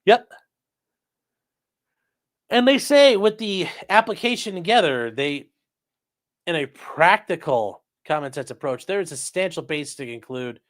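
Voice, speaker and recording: A man hosting a casual livestream, reading viewer messages aloud and making blunt, sarcastic, profane asides. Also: a little high. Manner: sarcastic and blunt, swears freely. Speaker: livestream host reading chat. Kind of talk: casual live commentary.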